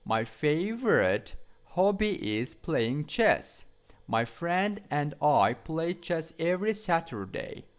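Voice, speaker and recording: A man reading the part of a twelve-year-old girl introducing herself, slow and measured. The reading voice sits a little high and moves lively up and down. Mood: plain. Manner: reading a textbook script aloud slowly.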